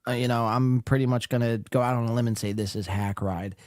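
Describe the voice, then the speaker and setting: A man's voice: mid-range voice, fairly even intonation, fast talker, a little mellow, dry recording, studio quality. A man hosting a casual reaction chat, talking in fits and starts, swearing and stumbling when flustered. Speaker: podcast host.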